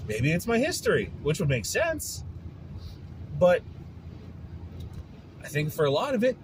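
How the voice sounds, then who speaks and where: A man's voice: sits high, huge pitch swings, measured pace, background noise. Frustrated man venting profanely in a car. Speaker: podcast host. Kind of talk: casual ranting monologue.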